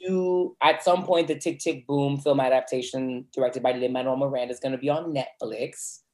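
A man's voice: medium pitch, fairly even intonation, normal speed, darkish tone. A man who is a guest on a podcast, chatting casually in a playful, camp way.

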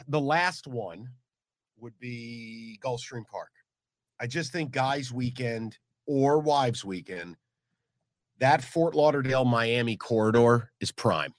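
A man on a podcast, talking at a middle pitch in a loose, rambling way with plenty of fillers. His voice is dry and close, with no room sound. He sounds like a host in casual conversation. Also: slow, no room sound. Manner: loud, punchy ad read then relaxed, rambling chat. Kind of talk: casual chat and host-read ad.

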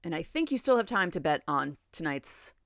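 A woman in her forties, a podcast host telling a story in a chatty, animated way. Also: deep voice, normal speed, no echo, clean studio sound. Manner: animated, chatty, laughs often. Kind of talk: casual storytelling.

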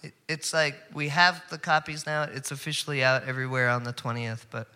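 A man's voice: medium pitch, little pitch movement, fairly quick, sharp tone, clean tone. A young man, a musician guest, chatting casually in an interview, easygoing and laid-back.

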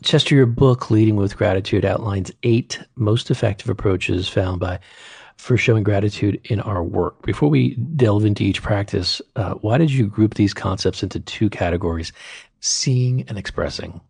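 A man hosting an interview, speaking in a measured, formal way and reading prepared introductions and questions. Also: on the low side, creaky, a little mellow, husky, no echo. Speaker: host.

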